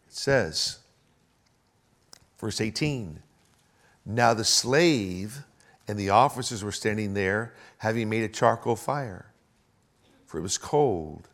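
A man preaching a sermon in an animated way, swinging between hushed and loud delivery and often repeating words as he goes. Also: lowish voice.

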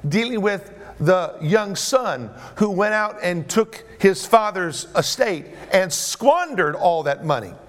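A man preaching a sermon in an animated way, often checking in with his listeners. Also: high-pitched, takes it slowly, hardly any pauses. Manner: animated, asks the audience questions.

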